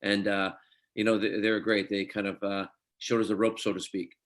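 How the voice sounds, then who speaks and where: A man's voice: lowish voice, little pitch movement, normal speed, a bit bright. A middle-aged man from Scotland, an actor telling chatty anecdotes in an interview. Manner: chatty anecdotes, quotes others, laughs easily. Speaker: actor guest. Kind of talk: casual interview storytelling.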